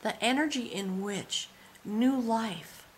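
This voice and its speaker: A woman's voice: fairly high pitch, takes it slowly, a little hiss or hum. Awed woman giving a tarot reading. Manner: awed and reverent, dropping to soft whispers. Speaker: tarot reader.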